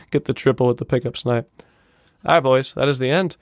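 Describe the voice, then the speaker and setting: A young man hosting a video-game montage reaction, talking casually, swearing often and bursting out in excited disbelief. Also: medium pitch, clean tone, dry recording, studio quality. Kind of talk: casual gaming reaction commentary.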